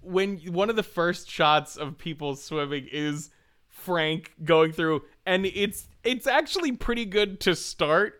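A man co-hosting a podcast, chatting casually about a movie, animated and laughing often. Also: fairly high pitch, clear, resonant tone. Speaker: podcast co-host. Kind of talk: casual movie review chat.

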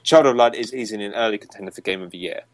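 A young man hosts a casual podcast chat. His voice sits on the low side and sounds dry and close, with no room around it. He rambles loosely and chuckles while reading reviews aloud. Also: rapid-fire, no echo. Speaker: podcast host.

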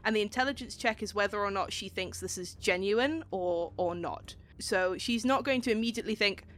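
A woman narrating a tabletop game as game master, chatty, with many fillers and quick laughs. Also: mid-range voice, fairly bright tone.

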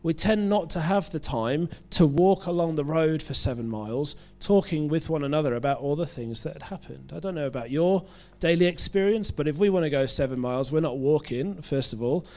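A man from the UK with a British accent, preaching a sermon in a relaxed, conversational way, joking at his own expense and often restarting his phrases. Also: on the high side, brisk, few pauses. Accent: British English. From United Kingdom. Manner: conversational, self-deprecating, with frequent restarts.

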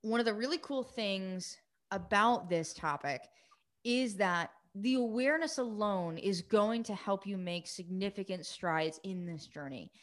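A woman recovery coach hosting a live coaching session, talking quickly and eagerly, greeting viewers by name. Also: medium pitch. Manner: fast, excited, energetic delivery.

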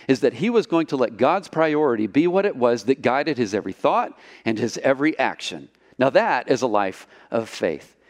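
A man preaching a sermon as pastor, storytelling with lively delivery and acting out the quotes. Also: mid-range voice, in a large hall. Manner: animated storytelling, acts out quotes.

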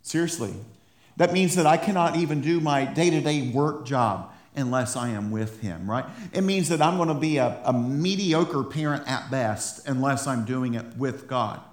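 A man preaching a sermon in a church, fired up and stumbling over his words in quick restarts. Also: medium pitch, animated. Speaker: pastor. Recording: roomy echo in a church.

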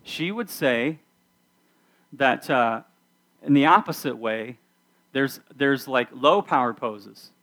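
Delivering a relaxed sermon to young people, this middle-aged youth pastor speaks slowly and pauses often. His voice is medium in pitch and fairly bright, and he keeps things conversational while leading the group through activities.

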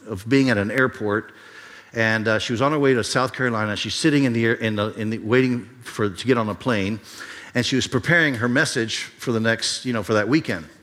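A man's voice: mid-range voice, fairly bright tone. Conversational male pastor in a reverberant sanctuary. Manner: conversational, many restarts. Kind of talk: sermon storytelling. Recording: long reverb of a large hall.

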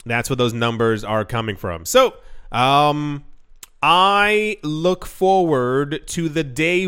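A man's voice: fairly high pitch, fairly bright tone. A man hosting a casual crypto news show, reading headlines with sarcastic asides and frequent restarts.

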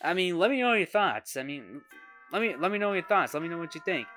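A man's voice: sits high, sing-song, fast talker, sharp tone, faint music behind. A man hosting a movie podcast, giving a casual film review in a rambling way that often restarts and repeats phrases. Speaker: podcast host.

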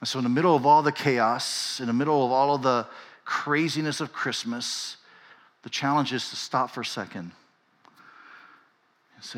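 A middle-aged male pastor preaching a sermon, telling a funny personal story with lively energy, then slowing into a quiet, reflective reading. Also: medium pitch. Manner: animated storytelling, laughing at himself, then slow and hushed. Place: church sanctuary. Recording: long church reverb.

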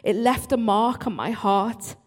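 With a fairly high voice and a slightly slow pace, a woman worship leader gives an earnest talk at church, repeatedly breaking off, restarting, and adding apologetic side comments.

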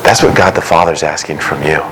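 Male pastor, sermon, very low voice, earnest emphatic preaching, clear background noise. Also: fairly quick. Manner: earnest preaching with shifting pace and emphatic rises.

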